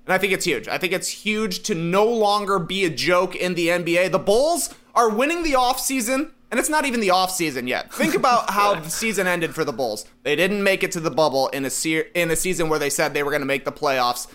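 A man's voice: high voice, fairly quick, hardly any pauses. A man on a sports panel, arguing animatedly and emphatically about basketball. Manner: animated, emphatic, rising to shouts. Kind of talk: excited basketball debate.

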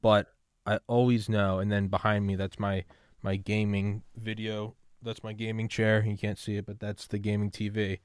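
Guy hosting a podcast from his home setup, swears a lot, rambles, gets loud and pumped, lowish voice, dry close sound. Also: little pitch movement, normal speed, clear, resonant tone, no room sound. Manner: rambling, profane, swings from subdued to loud and fired-up. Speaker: podcast host. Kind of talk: casual podcast conversation. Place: home room with gaming setup.

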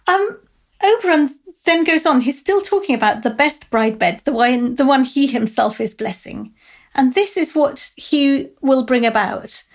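A woman professor giving a thoughtful close-reading, pausing with frequent ums and uhs and quoting lines aloud. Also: sits high. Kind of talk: lecture close-reading of a text.

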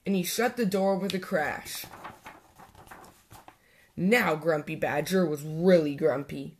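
A woman's voice: sits low, slow, pauses often. Woman reading a children's story aloud. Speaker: storytime host and reader.

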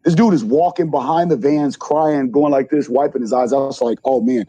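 A middle-aged man, a junior college basketball coach, telling animated stories in an interview and acting out the quotes. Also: a little high, normal speed, breathy edge. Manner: animated storyteller, acts out quotes. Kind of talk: interview storytelling.

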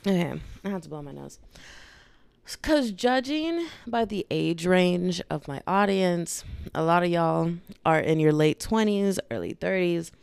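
A woman hosts a solo podcast in a chatty, joking, rambling way. Her voice sits low and gravelly, and she is stuffed up from a cold. The sound is dry and close, with no room around it. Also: animated, unhurried, darkish tone, dry recording. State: congested from a cold. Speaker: podcast host. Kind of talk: casual solo podcast chat.

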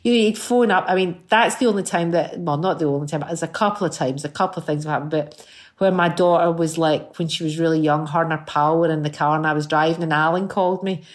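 A middle-aged woman with a Scottish accent, chatting as a guest and telling lively stories, acting out what people said. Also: low voice, fast talker. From Scotland. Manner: lively storyteller who acts out quotes. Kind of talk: casual chat.

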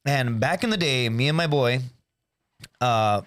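A man's voice: medium pitch, a little slow, smooth. A man telling rambling, profane stories as a podcast guest, full of dude and bro, acting out voices as he goes. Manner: animated, acts out voices in stories. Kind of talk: casual storytelling chat.

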